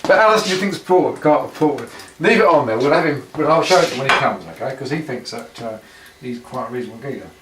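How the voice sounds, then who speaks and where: A man's voice: medium pitch, expressive, fast talker, a crowd in the background. A man arguing in a casual, indignant and sarcastic way, firing questions back. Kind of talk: argumentative casual talk. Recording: echoey room, mic far off, noisy.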